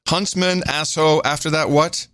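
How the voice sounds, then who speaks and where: A man co-hosting a podcast, talking in quick, laughing, mock-exasperated banter. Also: fairly high pitch, steady tone, a bit bright, no room sound. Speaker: podcast co-host. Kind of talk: casual chat.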